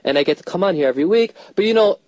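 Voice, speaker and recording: A man's voice: sits high, animated, very fast, darkish tone, no echo. A young man from the United States co-hosting a radio show and chatting casually, laughing easily. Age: young adult. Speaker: radio co-host and singer.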